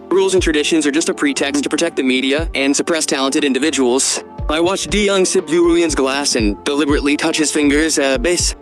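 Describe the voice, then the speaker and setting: Male narrator, quick read over soft music, first-person recap. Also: medium pitch. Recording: light background music.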